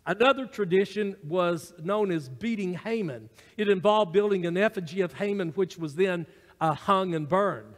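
A man's voice: high voice, moderate pace, long reverb tail. A man preaching a sermon as pastor to his congregation, teaching from his notes with a few fillers and side remarks. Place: church sanctuary.

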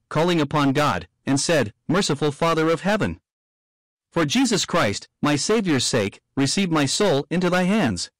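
Male audiobook narrator, fairly high voice, dry close mic, measured. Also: no room sound, rough recording. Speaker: audiobook reader. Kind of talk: scripted narration of a historical book.

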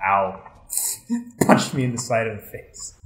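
A man chatting casually while playing a game, jokey with excitable outbursts. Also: on the low side, takes it slowly, roomy sound, soft background music, low-quality recording. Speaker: gamer, show regular. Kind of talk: casual gaming chat.

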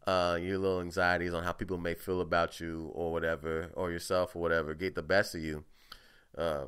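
A young man with a low-pitched, slightly bright, clean-toned voice hosts his own podcast. In a casual monologue he rants animatedly and swears freely.

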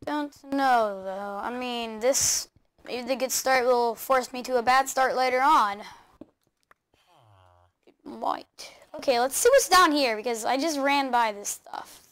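A woman hosting a video game let's play, excitable, chattering to the game animals and laughing often. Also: fairly high pitch, unhurried. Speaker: gaming channel host.

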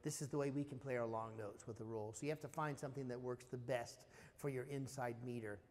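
A man, a percussion lecturer, teaching snare drum études in a relaxed spoken style, singing out rhythms with scat syllables. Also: mid-range voice, fast, big-room sound. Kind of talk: spoken music instruction.

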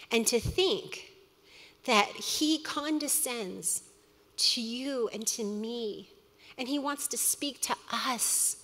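A middle-aged woman teaches a women's Bible study in a sermon style, earnest and personal, with quick asides. Her voice sits fairly high. It rings out with the long reverb of a big hall. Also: a bit bright.

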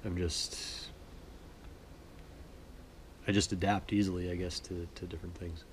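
A man from Manitoba, Canada, chatting in a relaxed, rambling, self-deprecating way as host of his sewing vlog. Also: low-pitched, unhurried, a little hiss or hum. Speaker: sewing vlogger. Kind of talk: relaxed casual chat.

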